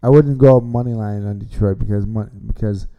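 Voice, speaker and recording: A man's voice: lowish voice, normal speed, muffled recording. A man hosting a casual sports podcast, opinionated, often repeating himself and restarting phrases. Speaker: podcast host.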